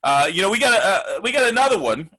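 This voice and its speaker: An actor playing a brash, foul-mouthed male sports show host who rants loudly and mocks his targets in a comedic sports segment. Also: high-pitched, very animated, fast talker, slightly rough, exaggerated voice. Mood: ranting. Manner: loud, ranting, profane, mocking.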